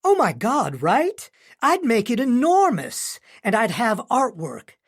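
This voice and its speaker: A man voicing a proud, teasing young woman from a small town in an audiobook, bubbly and quick. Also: very high-pitched, huge pitch swings, a bit bright, husky, pitched above the performer's own voice, heavily acted. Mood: excited.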